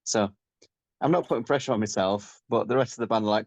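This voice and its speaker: A man with a Yorkshire accent, a rock singer chatting as a guest in a relaxed, rambling, modest way. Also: lowish voice, fast talker, no room sound. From Yorkshire, England. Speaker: rock band frontman, guest. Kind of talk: casual interview chat.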